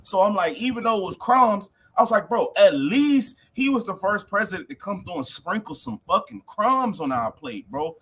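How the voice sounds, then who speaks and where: Young guy on a podcast, high voice, swings all over, slangy and heated. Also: moderate pace, few pauses, husky. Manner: animated, slangy, acts out quotes in voices. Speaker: podcast co-host. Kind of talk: casual heated podcast chat.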